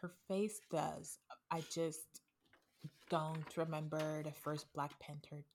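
Young woman with a lowish voice, podcast co-host, blunt and opinionated. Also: little pitch movement, slow pace, gravelly, a little mellow. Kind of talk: casual chat.

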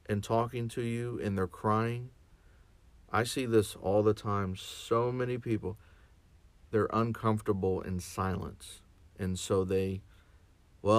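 A man's voice: mid-range voice, no echo. A man speaking as a chaplain in a reflective podcast monologue, earnest and often restarting and repeating his words.

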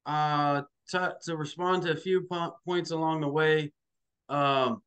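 A man's voice: a little high, steady tone, unhurried, a bit bright, clean tone. A man hosting an interview, speaking hesitantly with many fillers as he responds. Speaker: interviewer, podcast host. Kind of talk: conversational interview.

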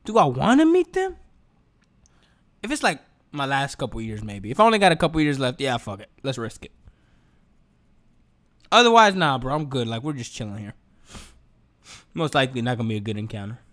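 A man's voice: mid-range voice, fairly quick, long pauses. A young man hosting a podcast, talking in a casual, joking monologue full of slang and swearing. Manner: animated, joking, slangy and profane. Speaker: podcast host.

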